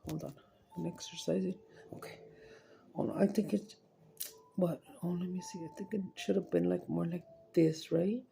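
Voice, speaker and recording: A middle-aged woman, her voice heavily gravelly and fry-laden, sitting at a lowish pitch. She rambles along while eating at home, swearing offhandedly and dropping Spanish phrases. The tone is dark and mellow. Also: fairly even intonation, normal speed, pauses often, slight background noise. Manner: rambling, chatty, casual swearing, drops into Spanish. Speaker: mukbang vlogger. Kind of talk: casual chat while eating on camera. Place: at home, indoors.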